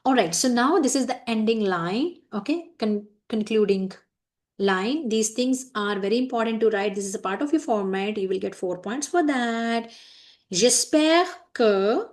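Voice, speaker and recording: Here is an Indian woman in middle age teaching a French lesson, her voice a little high. She explains each phrase slowly and firmly warns her students off common mistakes. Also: a little mellow. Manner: switches between French, English and Hindi, explaining each phrase; firm, scolding reminders about mistakes. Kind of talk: classroom lesson explaining a letter.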